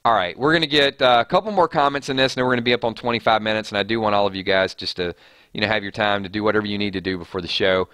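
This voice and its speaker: A man's voice: on the low side, fairly even intonation, racing, fairly bright tone, dry recording, clean studio sound. A man hosting a live stream, chatting casually and reading viewer comments aloud with frequent restarts.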